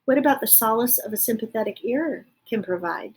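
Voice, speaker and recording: Brief: woman reading as a sly, whispery storybook rat, breathy and soft. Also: fairly high pitch, expressive, a little fast. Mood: wheedling. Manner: hushed, breathy, wheedling. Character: soft-spoken male rat longing for light.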